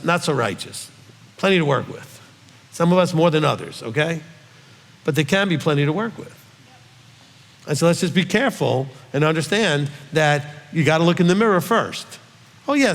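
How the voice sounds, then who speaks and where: A man with a fairly high voice leads a conversational scripture Q&A as a rabbi. He presses his points hard and keeps asking "okay?". His voice carries a long hall reverb. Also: vocal fry. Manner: emphatic, ends points with "okay?". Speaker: rabbi teaching a Q&A. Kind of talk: conversational Bible teaching.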